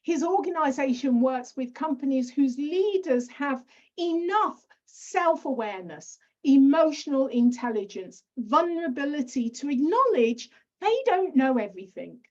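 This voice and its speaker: A middle-aged British woman hosting a sales podcast interview, talking in an enthusiastic, animated way. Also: sits high, a little slow. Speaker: podcast host. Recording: dull lo-fi audio.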